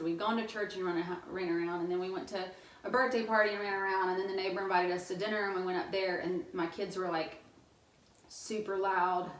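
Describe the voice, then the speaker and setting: A woman in her thirties is a guest on a casual podcast, telling stories in a chatty way and often laughing. She speaks at a middling pitch for a woman. The sound is roomy and echoey, picked up from some distance. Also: a little hiss or hum.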